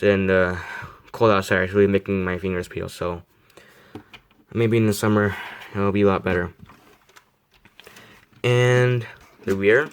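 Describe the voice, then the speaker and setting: A man's voice: lowish voice, smooth. A teenage boy casually reviewing a model car, rambling and self-deprecating, with many fillers and restarts. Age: teens.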